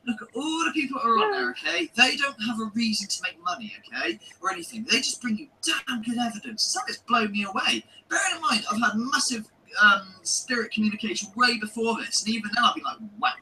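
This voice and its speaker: A man's voice: very high-pitched, fast talker, hardly any pauses, distant mic, background noise. A man delivering a heated, sweary, sarcastic ranting monologue in his own video.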